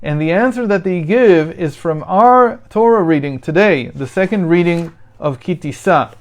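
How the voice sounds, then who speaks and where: A middle-aged man giving a daily Torah lesson in a slightly higher voice. He teaches thoughtfully, often searching for words with fillers. He slows down to read sources aloud. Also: expressive. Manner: thoughtful, hesitant with many fillers, reads sources aloud slowly.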